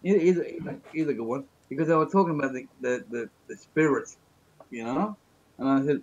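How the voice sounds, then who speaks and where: A man's voice: medium pitch, fairly quick, a little mellow, highs cut off. A man on a video call, chatting casually and joking his way through rambling stories. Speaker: guest.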